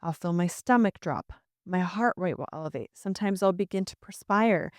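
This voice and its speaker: Female podcast host in her 30s, smooth and lowish, reflective, dry close mic. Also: moderate pace, dry recording. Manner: reflective, animated storytelling. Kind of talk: conversational interview.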